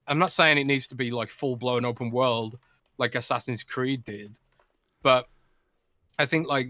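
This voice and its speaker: A young adult man co-hosting a casual podcast, chatty, with lots of filler words and quick asides. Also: mid-range voice, sharp tone, no room sound. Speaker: podcast co-host. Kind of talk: casual chat.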